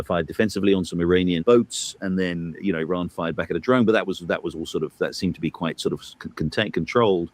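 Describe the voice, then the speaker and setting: A man giving political commentary on a talk show, hesitant and full of fillers and restarts, turning emphatic as he argues. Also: low voice. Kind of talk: analytical commentary chat.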